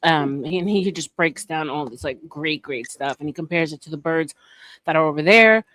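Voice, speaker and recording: A woman's voice: low-pitched, normal speed, fairly bright tone. A woman hosting a casual livestream, rambling with lots of fillers and laughing often. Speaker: livestream podcast host.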